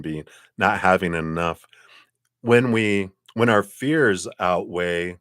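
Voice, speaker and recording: Slow, deep-voiced man reading tarot. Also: fairly bright tone, no room sound, clean studio sound. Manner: slow, reflective, laughs often, fillers like "you know". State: sucking a cough drop, clearing throat. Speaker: tarot card reader. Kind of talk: live-stream tarot reading.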